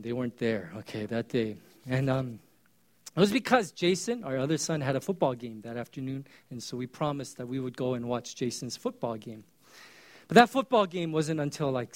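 Conversational male pastor with a higher voice. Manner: conversational storytelling, swinging between loud and hushed. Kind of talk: sermon.

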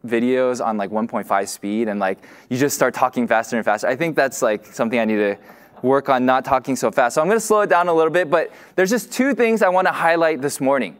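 A man preaching a sermon in a casual way, full of fillers and restarts, who says he tends to talk fast. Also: medium pitch, expressive. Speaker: pastor.

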